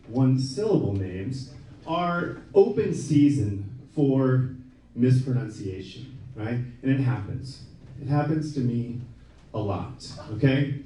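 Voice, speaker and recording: A man's voice: mid-range voice, very animated, slow, dark tone, slight background noise. A man doing a wry, self-deprecating stand-up routine on a comedy club stage, often tossing in "right?" as the audience laughs. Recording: echoey room, mic from a distance.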